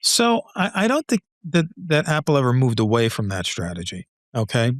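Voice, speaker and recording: With a mid-range voice at normal speed, an older retired engineer guests on a podcast and tells stories conversationally. The sound is clean studio audio with no room sound. Animated throughout, he acts out others' dialogue and often breaks into laughter.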